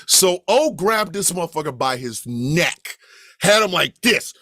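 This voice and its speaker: A man from Kansas City telling a comedic story on a podcast. He talks in an animated, profane way, acting out the voices of the people in it and breaking into shouts. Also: high voice, moderate pace, no room sound, studio quality. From Kansas City, USA.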